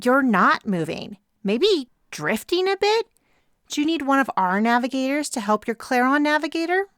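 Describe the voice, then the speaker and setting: A woman's voice: sits high, very animated, moderate pace, a bit bright, dry recording, clean studio sound, voice pushed up. A woman voicing a condescending young female starship captain who gloats with false sweetness. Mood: smug. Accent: slips into an accent when frustrated.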